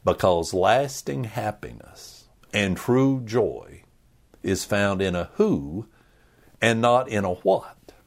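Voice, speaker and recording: A man preaching a sermon to his church, slow and emphatic, sometimes dropping to a hush. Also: lowish voice, lively intonation. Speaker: pastor.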